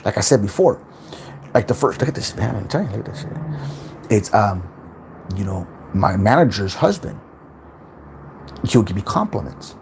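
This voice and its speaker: A man's voice: lowish voice, very animated, normal speed, vocal fry, pauses often, noisy background. A man hosting a casual spiritual self-help livestream from home, rambling, repeating words and swearing freely.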